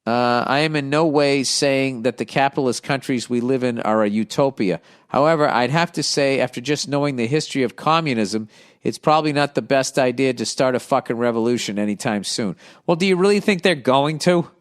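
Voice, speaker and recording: A middle-aged man hosting a comedy podcast, reading listener letters aloud and answering them in a blunt, profane, animated rant. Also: medium pitch, fairly quick. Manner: blunt profane ranting with lively animated swings.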